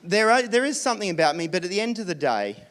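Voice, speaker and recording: A man with an Australian accent preaching a sermon as a pastor, telling stories with animated asides. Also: high-pitched, fast. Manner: animated storytelling with acted asides.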